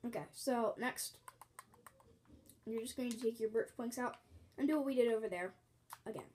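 A woman's voice: on the high side, moderate pace, darkish tone, a little hiss or hum. A woman teaching a building game step by step, counting blocks aloud, apologizing often as she fights off a cough at home. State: bouts of coughing. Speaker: game tutorial host.

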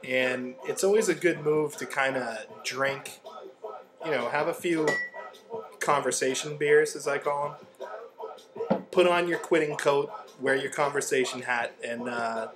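A young man in a deadpan, casual comedic style, giving mock how-to advice as the host of a comedy video. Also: mid-range voice, measured pace.

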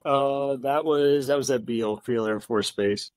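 Man, 40s, rambling animated storyteller, dry close sound. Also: medium pitch, normal speed, no echo, rough recording. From Florida. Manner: animated storyteller, many fillers and restarts, laughs easily. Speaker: guest, veteran and tech founder. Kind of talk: casual storytelling interview.

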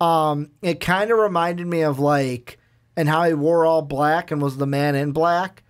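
Male co-host, casual film talk, slightly higher voice, rambly. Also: unhurried, clear, resonant tone. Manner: rambling, full of "like", acts out quoted lines. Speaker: movie review podcast co-host. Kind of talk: casual chat.

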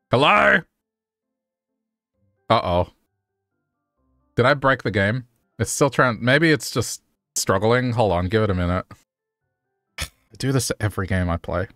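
A male game streamer with a fairly low voice, cracking jokes and chatting with the game's characters. His voice is close and dry, with no room sound around it, and faint music plays underneath. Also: fairly bright tone, no echo. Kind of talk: playful gameplay commentary.

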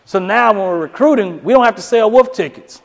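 A man tells a story to a crowd as a keynote speaker, his voice sitting high. He is animated and jumps into others' voices, going up into falsetto for the women. The sound rings with a long echo in a large hall. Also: brisk, gravelly. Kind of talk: storytelling speech.

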